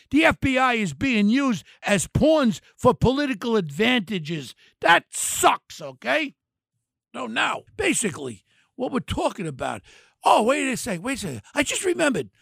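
An older man hosting his podcast, ranting bluntly and heatedly, often shouting insults. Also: extremely high pitch, vocal fry, no echo, studio quality. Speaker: podcast host. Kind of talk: angry political rant.

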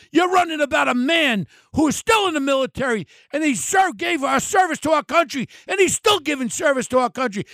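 An older man hosting his podcast, ranting bluntly and heatedly, often shouting insults. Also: extremely high pitch, vocal fry, no room sound, studio quality. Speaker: podcast host. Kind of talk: angry political rant.

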